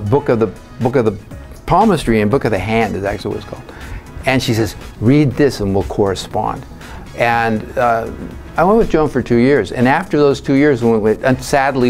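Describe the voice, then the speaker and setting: A man tells his stories in a loose, rambling way and fills his pauses with plenty of fillers. His voice sits at a middling pitch for a man. A faint bed of music plays quietly behind him. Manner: rambling, anecdotal, many fillers. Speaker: party psychic. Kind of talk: storytelling interview answers.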